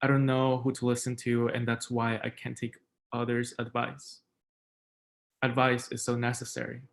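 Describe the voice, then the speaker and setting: A young American man performs his spoken word poems in an even, level voice that barely rises or falls. Between pieces he drops into quiet, halting asides full of filler words before he starts the next reading. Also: mid-range voice, creaky, poor audio. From United States. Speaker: poet.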